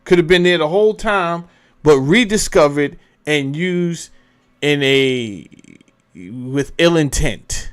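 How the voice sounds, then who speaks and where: A man hosts a casual commentary, his voice sitting a little high. He rambles and keeps breaking off his own sentences. He thinks out loud while he looks things up. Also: expressive, takes it slowly, clear, resonant tone. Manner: rambling, self-interrupting, thinking aloud. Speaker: host.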